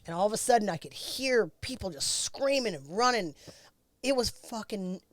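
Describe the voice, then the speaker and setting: A woman's voice: mid-range voice, animated, normal speed, no room sound. A middle-aged woman, a former race car driver, bluntly recounting a crash in a candid interview, swearing freely.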